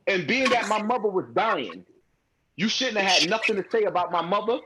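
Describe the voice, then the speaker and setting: A man's voice: high voice, expressive, fairly quick, a crowd in the background, poor audio. A man arguing heatedly as a guest on a live call-in stream, repeating himself as he presses his point. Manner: heated, confrontational, repeats phrases.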